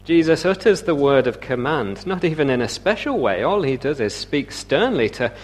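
Preacher with a conversational tone. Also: male voice, on the high side, sing-song, normal speed. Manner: conversational, rhetorical questions, frequent "uh" fillers. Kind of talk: sermon.

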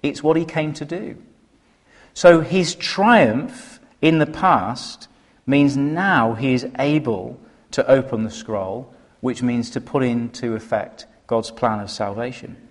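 A man's voice: mid-range voice, slow. A man preaching a sermon, emphatic and full of rhetorical questions. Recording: reverberant hall.

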